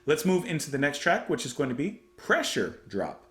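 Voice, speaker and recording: A man's voice: a little high, very animated, normal speed, fairly bright tone, reverberant. A man giving casual reaction commentary on music, chatty and thoughtful as he muses aloud.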